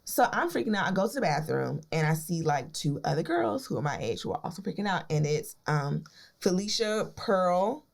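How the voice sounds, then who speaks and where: Lively, swinging woman podcast co-host. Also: on the low side, normal speed, creaky. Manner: excitable storytelling, swears freely. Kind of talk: casual chat.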